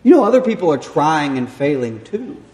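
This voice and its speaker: A young man with a Southern US accent preaches a sermon in a church sanctuary, telling lively, self-mocking stories about himself and acting out voices. His pitch is fairly high and his speed normal. The echoey hall gives the recording a long reverb.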